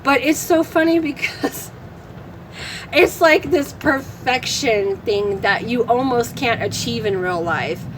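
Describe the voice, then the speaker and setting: A woman with a slightly high voice chats casually to camera while sitting outdoors. Her talk rambles along, and she laughs often between thoughts. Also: takes it slowly, noisy background. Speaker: vlog host. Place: outdoors in the shade.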